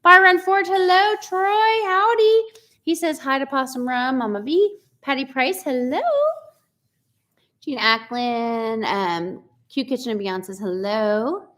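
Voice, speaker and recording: Reading out viewer comments and laughing often, this livestream host is a woman in her forties running a casual live chat. Her voice sits a little high and sounds a bit bright, and she keeps a measured pace as she chats.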